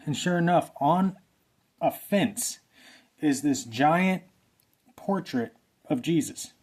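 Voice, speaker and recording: A man's voice: a little high, animated, takes it slowly, a little mellow, husky. A man telling a personal faith testimony in a casual, rambling way, often repeating himself. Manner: earnest, rambling, repeats phrases. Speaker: vlogger sharing a testimony. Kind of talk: casual storytelling.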